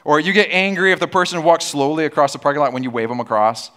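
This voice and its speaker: A man's voice: a little high, steady tone, fast talker, fairly bright tone. A man preaching a sermon as pastor, with a sarcastic, humorous storytelling manner and call-and-response with the congregation. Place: church auditorium.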